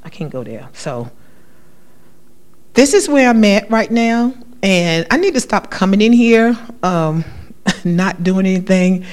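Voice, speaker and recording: A woman's voice: mid-range voice, animated, measured pace, a little mellow. Emphatic woman giving church testimony. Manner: emphatic, repetitive, conversational.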